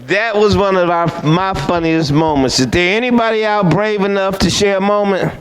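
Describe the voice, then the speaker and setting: A man's voice: sits high, normal speed, clean tone, poor audio. A man emceeing an awards dinner, telling a funny story to the audience in a playful, teasing, chatty way.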